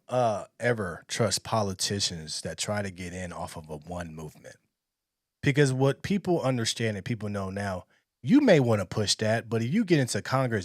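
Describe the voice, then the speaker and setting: A man's voice: fairly low pitch, no room sound, clean studio sound. A man giving blunt, emphatic commentary in reaction to a video clip. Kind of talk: casual opinion commentary.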